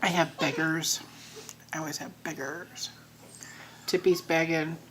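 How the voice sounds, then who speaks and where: A woman's voice: sits low, steady tone, unhurried, background noise. Rambling woman vlogging on her phone. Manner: rambling, filler-heavy storytelling. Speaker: mukbang vlogger. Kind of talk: casual chat while eating. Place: at home with pets nearby.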